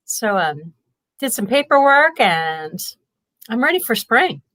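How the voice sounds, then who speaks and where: A woman's voice: on the high side, big pitch swings, takes it slowly, a bit bright. A woman who edits a magazine, telling stories in a chatty, amused way on a casual chat show. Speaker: magazine editor-in-chief.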